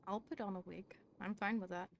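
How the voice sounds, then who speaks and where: A woman chatting in character in a roleplay game, trading dry, deadpan quips. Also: mid-range voice, brisk, creaky, no room sound. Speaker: roleplay player playing a doctor.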